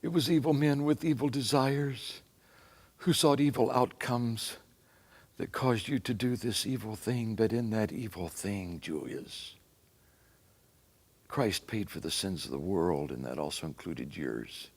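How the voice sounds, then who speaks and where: A man voicing an older prisoner apostle within a dramatic monologue, speaking gently and fervently. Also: fairly low pitch, a little slow. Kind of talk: dramatic first-person monologue.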